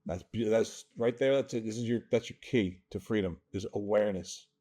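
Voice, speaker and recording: Earnest New coach, emphatic. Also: male voice, on the low side, normal speed, mellow. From New Jersey. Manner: earnest, emphatic, often checks in with "right?". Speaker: mental toughness coach, guest. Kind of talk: podcast interview, explaining.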